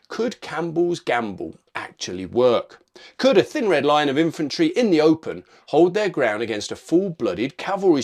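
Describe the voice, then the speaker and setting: A man reads a history script with a brisk, conversational punch. He drops in informal asides as he goes, and his voice sits at an ordinary middle pitch. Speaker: history channel narrator.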